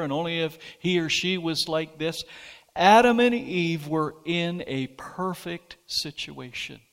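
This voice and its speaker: A man preaches a sermon at an unhurried, deliberate pace. His voice sits somewhat high and climbs into emphatic, forceful peaks. A long reverb trails behind his words. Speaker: pastor.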